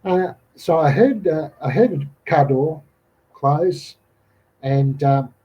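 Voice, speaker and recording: A man's voice: fairly high pitch, slow pace, husky, dull audio. A middle-aged Australian man telling a bush camping story in casual fashion, full of fillers and restarts. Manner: rambling, many fillers and restarts, quotes people in raised voices. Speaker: podcast guest recounting an encounter.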